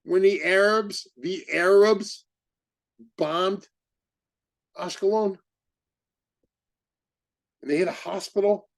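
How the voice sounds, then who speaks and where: Guy hosting a podcast, ranting hard, fast angry questions, kinda high voice. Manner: heated, indignant, rapid rhetorical questions. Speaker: podcast host. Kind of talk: impassioned commentary.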